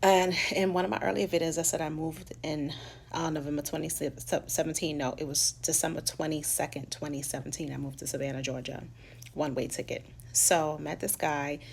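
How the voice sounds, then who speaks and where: Vlogger, female, New York accent, low gravelly voice, frank and profane storytelling, faint room hum. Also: little pitch movement, fairly quick, a little mellow. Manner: candid and profane, acts out quoted people in a high voice. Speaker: vlogger sharing her life story. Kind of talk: casual storytelling monologue.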